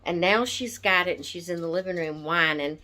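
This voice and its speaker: Speaking in a lowish voice with a sharp tone, a doll channel vlogger chats casually to the camera. She goes slowly, drifts easily into distractions, and is a little out of breath from asthma.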